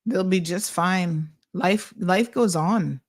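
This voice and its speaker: A woman's voice: lowish voice, takes it slowly. A Caymanian woman hosting a call-in talk show, chatting in a rambling, exasperated way as she reads listener comments and tells stories. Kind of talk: casual call-in show chat.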